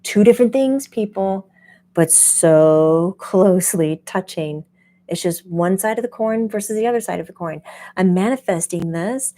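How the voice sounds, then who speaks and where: A woman who hosts a spiritual channel as a medium, teaching casually in an animated way and laughing often. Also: mid-range voice. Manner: animated, laughs often, acts out quoted voices.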